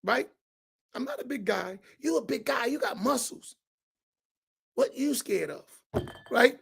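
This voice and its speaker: A man, preaching to an audience on a roundtable. He is loud and challenging, and he repeats phrases for emphasis. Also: very high-pitched, animated, a little slow, creaky, long pauses, slightly rough. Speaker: imam on a roundtable.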